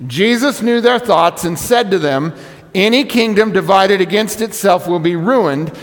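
A pastor with a high voice preaches a conversational teaching sermon at a measured pace, his words ringing in a big room. He explains things step by step and drives points home by repeating words.

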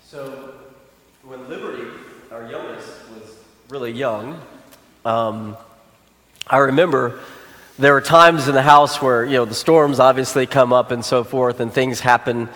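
A man's voice: mid-range voice, unhurried, long pauses, fairly bright tone, big-room sound. A father and pastor telling a personal story in a loose sermon style, with frequent fillers.

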